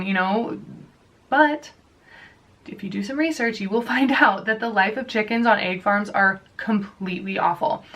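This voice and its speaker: A young woman hosting a casual solo podcast, talking earnestly and emotionally, often restarting her sentences and filling pauses. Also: mid-range voice, fairly bright tone, distant mic. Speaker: podcast host.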